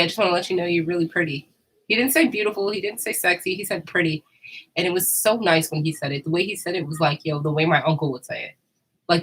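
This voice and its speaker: A woman chats straight to her viewers, slangy and candid. Her voice sits a little low for a woman, and she laughs often as she talks. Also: a bit bright, low-quality recording. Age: 30s. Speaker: vlogger. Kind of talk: casual monologue to camera.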